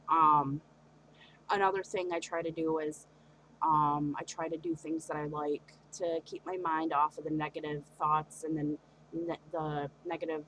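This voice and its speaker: This young woman's voice is low and a little bright, recorded with poor audio and slight background noise. In a personal confessional vlog, she speaks hesitantly and earnestly, opening up about her feelings through many fillers and restarts.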